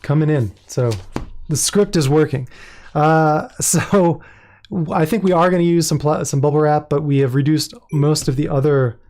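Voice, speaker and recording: A man talks through a product launch in a loose, chatty way, amused by his own asides. His voice has a mellow, soft tone. He thinks out loud as he goes. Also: fairly high pitch, moderate pace. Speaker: independent publisher and host. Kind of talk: casual livestream product launch.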